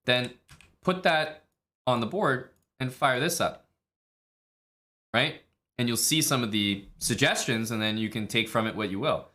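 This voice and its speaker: This chess streamer has a medium-pitched, bright, forceful voice with lively intonation, a moderate pace and long pauses. He goes through lines in loose, profane commentary, acting out his thoughts and cracking up at weird moves.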